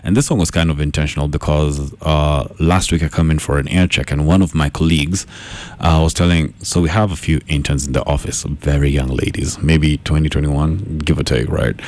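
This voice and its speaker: Man, radio DJ, very low voice, playful, animated on-air storytelling. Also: brisk. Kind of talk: radio show chatter.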